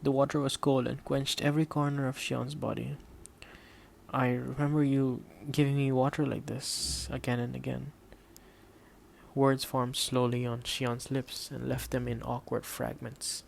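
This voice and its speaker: A man reading an audiobook in a steady, measured way, voicing the dialogue quietly. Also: mid-range voice, gravelly, a little hiss or hum. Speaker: audiobook narrator. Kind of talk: scripted audiobook narration.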